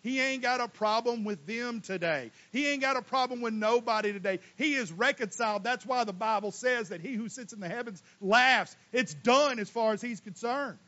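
High-voiced preacher. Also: male voice, moderate pace, few pauses, lo-fi sound. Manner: animated preaching, swings from loud emphatic to quiet asides; folksy, casual Southern US speech. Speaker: pastor. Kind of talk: sermon.

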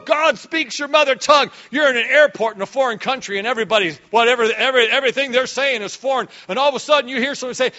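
A male pastor preaching a sermon with lots of energy, dropping low and quiet, then breaking into sudden shouts. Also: expressive, quick pace, hardly any pauses, muffled recording.

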